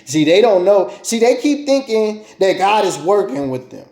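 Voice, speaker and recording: Preachy high-voiced man in an echoey room. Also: big pitch swings, moderate pace, a little mellow. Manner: repetitive, preachy, stammering restarts. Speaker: vlogger. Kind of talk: casual monologue to viewers.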